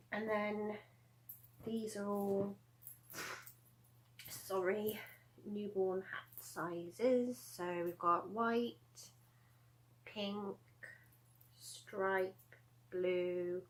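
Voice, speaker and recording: Speaking very slowly with many pauses, this woman in her thirties has a medium-pitched voice. She's a crochet vlogger giving a casual show-and-tell at home, rambling through her handmade pieces with asides and laughter, captured on a low-quality recording.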